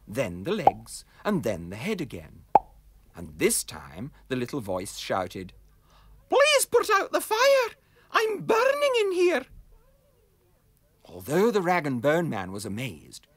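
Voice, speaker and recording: Highly expressive male storyteller. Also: breathy edge, dry recording. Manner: expressive, sing-song storytelling. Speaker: narrator. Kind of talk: storybook reading.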